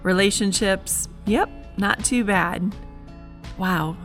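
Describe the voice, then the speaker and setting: A woman's voice: medium pitch, slow pace, a bit bright, faint music behind. A middle-aged woman giving a heartfelt, earnest devotional message as a Christian speaker.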